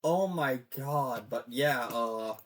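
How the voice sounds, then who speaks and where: A fan talking through a cartoon series in a slow, unhurried ramble. The voice sits at an ordinary middle pitch and drifts between theories and heartfelt outbursts. Profanity comes often and easily. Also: a bit bright. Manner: rambling, swears often, gets teary. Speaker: fan commentator. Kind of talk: casual show breakdown.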